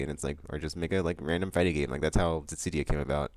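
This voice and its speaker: A man with a low, deep voice rambles through his monthly vlog. He is casual and full of fillers, breaks into excited bursts, and is recorded dry and close. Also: fast talker, few pauses, no room sound. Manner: loose, rambling, many fillers and restarts; excitable outbursts about upcoming games. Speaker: vlog host.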